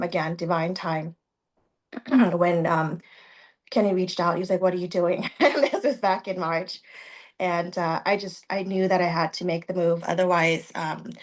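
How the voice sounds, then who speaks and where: Soft-spoken, hesitant woman, lowish voice. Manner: hesitant, many fillers. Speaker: coaching participant. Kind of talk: reflective group share.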